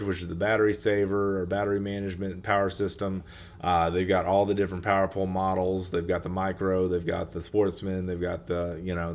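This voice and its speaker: Deep-voiced man, rambling, losing his voice. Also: darkish tone. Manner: rambling, lots of fillers and restarts. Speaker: podcast host. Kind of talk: casual solo podcast talk. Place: fishing trade show.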